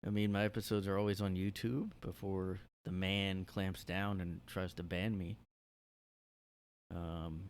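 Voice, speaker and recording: A man's voice: low voice, fairly even intonation, moderate pace, darkish tone, clean tone, low-quality recording. A man hosting a solo comedy podcast, talking in a tired, rambling, laid-back way. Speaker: podcast host.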